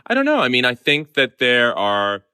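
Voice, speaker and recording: A man's voice: medium pitch, huge pitch swings, moderate pace, bright, forceful tone, clean tone. A man from Southern California, a guest film columnist giving articulate, opinionated answers in a podcast interview. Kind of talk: conversational interview.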